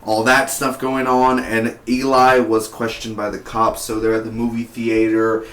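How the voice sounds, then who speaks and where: A young man chatting through a casual spoken TV review in a rambling, excitable way. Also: medium pitch, measured pace. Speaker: TV show reviewer. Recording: echoey room.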